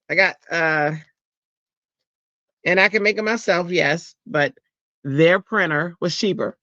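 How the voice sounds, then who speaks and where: Bright, excitable woman streaming live. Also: on the low side, slow pace, long pauses, dry recording, dull audio. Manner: excitable and chatty, often bursting into giddy squeals. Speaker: craft livestream host. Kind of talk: casual live chat to viewers.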